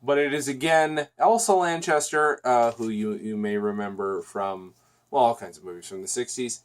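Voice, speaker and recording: A man hosts a solo podcast in a loose, chatty review voice. He rambles, doubles back on himself and fills gaps with "um" and "uh". His pitch sits in an ordinary middle range for a man. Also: normal speed. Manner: rambling, chatty, frequent restarts and fillers. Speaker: podcast host.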